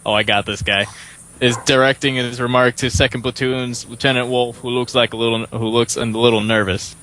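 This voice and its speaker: A man's voice: medium pitch, level tone, fairly quick, a bit bright. A man co-hosting a podcast, reading screen directions aloud in a loose way and laughing as he goes. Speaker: podcast co-host. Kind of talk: casual screenplay read-aloud.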